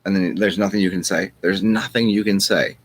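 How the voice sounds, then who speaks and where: A man with a very low, husky voice rambles through a wry monologue. He swears freely and keeps restarting his sentences. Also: fairly even intonation, brisk. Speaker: channel host.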